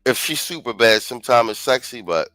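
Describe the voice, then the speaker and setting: A man's voice: mid-range voice, expressive, a little fast, sharp tone, no room sound, faint music behind, poor audio. A man hosting a show, giving blunt, slangy, casual commentary on clips and reading viewer comments aloud. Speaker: show host.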